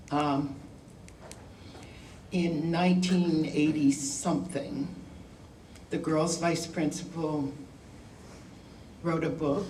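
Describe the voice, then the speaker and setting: A woman's voice: low-pitched, a little mellow, a little hiss or hum. An older woman giving a candid, wry talk to a school class, telling her own story in a conversational way. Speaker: guest speaker. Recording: roomy sound from a distant mic.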